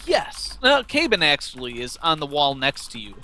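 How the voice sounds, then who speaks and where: A man with a high-leaning, sharp voice and wildly swooping pitch runs a tabletop game over voice chat at a moderate pace. As game master he describes scenes and makes rulings in a relaxed way, using lots of fillers.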